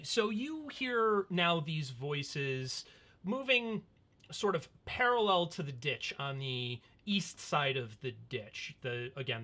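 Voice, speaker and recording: A game master running a livestreamed tabletop game, talking slowly with many hesitations. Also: mid-range voice, fairly bright tone. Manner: slow, hesitant, many fillers.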